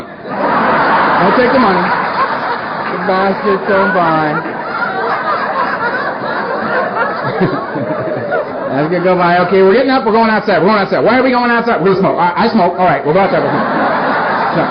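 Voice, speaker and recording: A man speaking to a recovery meeting, repeating phrases and acting out his own thoughts, with bits of laughter, recorded at a podium microphone in a meeting hall. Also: high voice. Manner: repetitive, reenacting his own inner thoughts with bursts of laughter. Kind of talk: personal recovery talk to a live audience. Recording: dull lo-fi tape with faint hiss.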